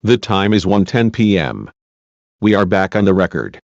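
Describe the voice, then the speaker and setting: A man's voice: sits low, big pitch swings, normal speed, gravelly, darkish tone, no room sound, heavily acted. A man reading a male videographer's formal record announcements, in a dull lo-fi recording.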